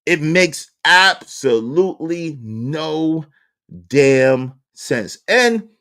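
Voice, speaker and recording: Exasperated high-voiced man ranting. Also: animated, drawn-out words, a bit bright. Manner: exasperated, mocks critics in put-on voices; repeats phrases for emphasis, laughs between lines. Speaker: commentary channel host. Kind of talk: ranting commentary to a live chat.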